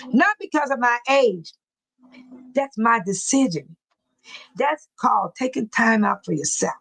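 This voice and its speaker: High-voiced chatty older woman host. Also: measured pace, long pauses, fairly bright tone, no echo, low-quality recording. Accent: Chicago-area American English. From United States. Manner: chatty, laughs often, reads viewer comments aloud. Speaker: livestream host. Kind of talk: casual livestream chat.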